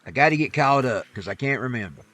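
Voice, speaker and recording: A man's voice: mid-range voice, animated, quick pace, a bit bright. A man chatting while he plays, rambling in a folksy way about faith and scripture. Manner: rambling, folksy, preachy asides. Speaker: streamer. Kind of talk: casual chat while gaming.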